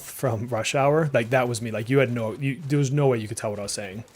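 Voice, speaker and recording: A man in his thirties with a slight Massachusetts accent chats casually as a live game streamer. He rambles and reacts out loud to the action, in a voice of ordinary middle pitch. Game music plays faintly behind him. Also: brisk, hardly any pauses. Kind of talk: casual live gameplay chat.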